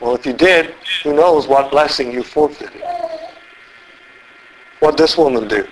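A man's voice: fairly high pitch, lively intonation, normal speed, slight background noise, rough recording. A man preaching a sermon, reading scripture and earnestly putting questions to his listeners. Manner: earnest, asks the listeners many rhetorical questions.

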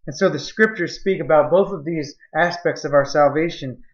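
A man's voice: a little high, moderate pace. A man preaching a sermon, quoting scripture and building to earnest, emphatic passages. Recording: roomy, slightly dull recording.

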